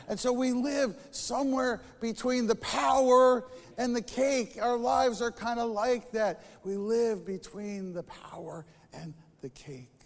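In a church hall with long reverb, a pastor preaches slowly, spinning chatty, animated stories from his week into his sermon. His voice sits high for a man.

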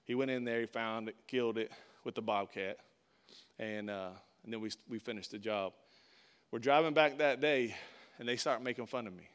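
Male preacher, mid-pitched, animated sermon storyteller with loud peaks and quiet drops. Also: brisk, smooth. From Florida. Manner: animated storyteller, acts out quotes, big swings in loudness.

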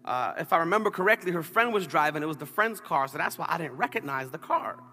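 Bright high-voiced pastor in an echoing hall. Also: male voice, quick pace. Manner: animated storytelling with playful asides. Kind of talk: sermon. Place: church sanctuary.

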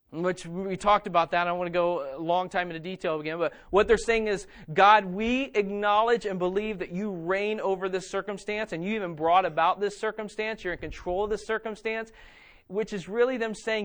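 A man with a notably high voice preaches a sermon to his church. He is earnest and emphatic, driving points home through repeated phrases. In reflective stretches he sinks soft and low. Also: brisk. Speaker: pastor.

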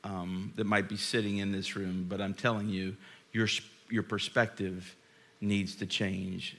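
A man preaching a sermon in a church, chatty and self-deprecating, telling stories and sinking to a hushed, earnest tone. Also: low voice, flat delivery, measured pace. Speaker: pastor.

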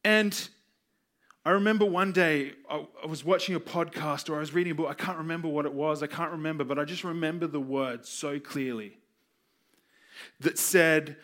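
Earnest preacher with a higher voice. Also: male voice, normal speed, fairly bright tone. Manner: earnest storytelling, acts out quoted voices. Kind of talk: sermon.

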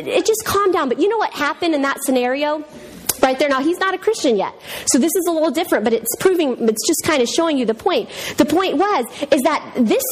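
High-voiced animated woman Bible teacher. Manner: animated storyteller, acts out voices.

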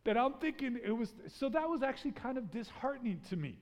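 A man preaching to a congregation, telling a story with animated energy and putting statistics to the crowd. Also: very high voice, brisk. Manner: animated storytelling, acting out his own panic. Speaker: pastor. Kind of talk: sermon. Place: church sanctuary. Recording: long church reverb.

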